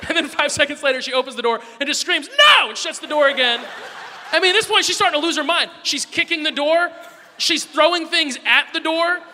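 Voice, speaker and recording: A man preaching a sermon, telling a family story with animated swings between loud bursts and soft asides. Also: extremely high pitch, brisk, long reverb tail, crowd noise, noisy background. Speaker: pastor.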